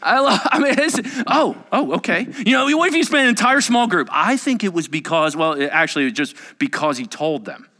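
Animated bright-voiced man preaching. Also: sits high, fairly quick, few pauses. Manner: animated, acts out quotes in varied voices. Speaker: pastor. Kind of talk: sermon.

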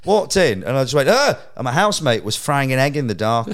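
A man's voice: mid-range voice, big pitch swings, quick pace. A man, a stand-up comedian telling a sweary anecdote in casual chat and laughing through the punchlines. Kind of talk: casual podcast chat, storytelling.

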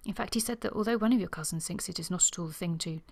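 A woman's voice: lowish voice, rapid-fire, creaky, a little mellow. A woman reading a proud young governess from a novel, earnest and flustered, at times close to a whisper. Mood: stiff. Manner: earnest, sometimes dropping to a whisper.

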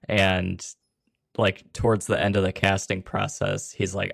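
A man co-hosting a podcast, telling an anecdote in a slow, laid-back way. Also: sits low, little pitch movement, creaky, fairly bright tone, no room sound, clean studio sound. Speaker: podcast co-host. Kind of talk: casual chat.

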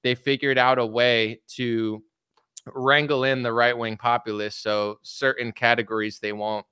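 A man's voice: mid-range voice, little pitch movement, a little slow, sharp tone, clean tone, no room sound, clean studio sound. A young man hosting a casual political chat, rambling and laughing often as he talks. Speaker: host.

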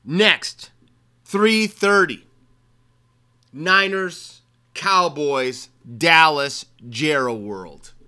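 Bright clear-voiced man talking football picks. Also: on the high side, very slow, pauses often. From Maryland, USA. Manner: chatty, joking asides and repeated phrases. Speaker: sports podcast host. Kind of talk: casual football picks monologue.

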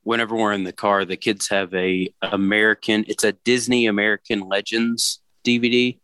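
A man's voice: fairly low pitch, level tone, normal speed, pushed and bright, clear, resonant tone, no room sound. A man chatting on a podcast, hesitant with plenty of fillers. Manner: hesitant, lots of fillers, laughs easily. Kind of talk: casual podcast chat.

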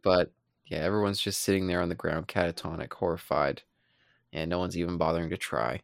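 Deep gravelly man, podcast co-host. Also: fairly quick, dry recording, studio quality. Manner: relaxed and rambling, with playful asides. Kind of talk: casual chat recapping a comic.

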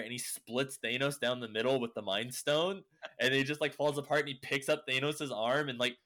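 A man's voice: mid-range voice, steady tone, normal speed, fairly bright tone. A young man casually recapping a show, rambling with lots of fillers and swearing. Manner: rambling, heavy use of "like" and swearing.

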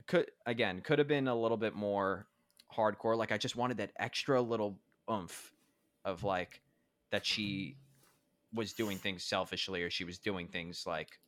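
Man, lowish voice, dry sound, casual movie podcast host, rambling, filler-heavy. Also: fairly even intonation, a little slow, fairly bright tone, dry recording. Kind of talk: casual movie review chat.

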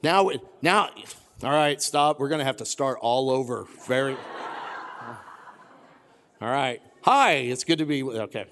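A man's voice: medium pitch, expressive, a little slow, pauses often, fairly bright tone. A pastor giving a conversational sermon in a church, repeating his key phrases for emphasis. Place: church sanctuary. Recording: long hall reverb.

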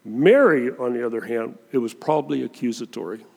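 A man with a gravelly, mid-pitched voice preaches in an easy, conversational way, leaning dramatically into the verses he quotes. His words ring with the long reverb of a church hall. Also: brisk. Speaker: pastor. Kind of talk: sermon.

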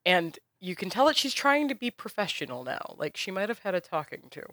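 Bright-voiced game master narrating casually. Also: medium pitch, sing-song, fairly quick, no room sound. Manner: casual, descriptive narration with fillers.

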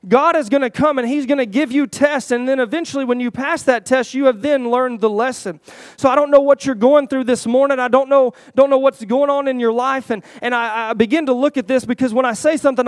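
A man preaching a folksy sermon who often asks the church "Is that right?" and stumbles over repeated words. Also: no room sound. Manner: rises louder and higher toward the close.

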